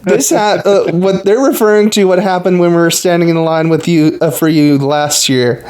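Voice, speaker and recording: A man hosting a podcast, telling a story in a casual, animated way and laughing often. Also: sits high, moderate pace, a little hiss or hum. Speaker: podcast host. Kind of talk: casual chat.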